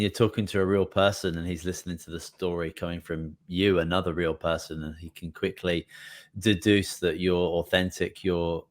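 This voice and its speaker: Deep, flat-voiced male podcast host. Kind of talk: casual interview chat.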